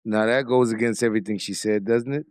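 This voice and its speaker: A man's voice: lowish voice, steady tone, fast talker, noisy background. A man streaming reaction commentary on trial footage, making incredulous remarks in casual slang. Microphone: dynamic desk mic.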